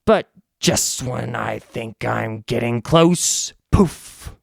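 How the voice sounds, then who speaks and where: A man voicing a shadowy, grandiose alien villain who mocks heroes in a slow, sneering way. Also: medium pitch, creaky, no room sound, studio quality, pitched below the performer's own voice, full character voice.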